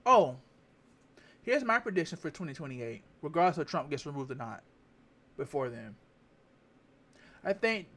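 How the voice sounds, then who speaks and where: A man giving candid political commentary to camera, rambling, repeating phrases and stopping to check his facts. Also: on the high side. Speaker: vlogger.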